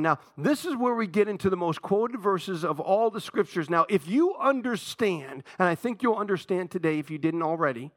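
A man preaching a sermon, rising to loud emphatic peaks, then dropping to low quiet asides, repeating phrases for emphasis. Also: animated, fairly quick, few pauses, dry recording, clean studio sound. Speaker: pastor.

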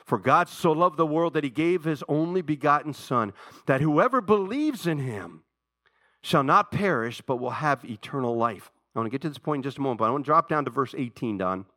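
A man preaching a sermon, rising to loud emphatic peaks, then dropping to low quiet asides, repeating phrases for emphasis. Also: sing-song, moderate pace, no echo, clean studio sound. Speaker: pastor.

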